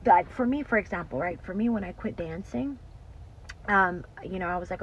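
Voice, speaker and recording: A woman's voice: fairly low pitch, normal speed. A woman tells her faith testimony in an earnest, casual way. She repeats herself, calls her listeners y'all, and drops to a whisper at emotional moments. The audio is slightly dull and lo-fi, with a faint hiss behind her voice.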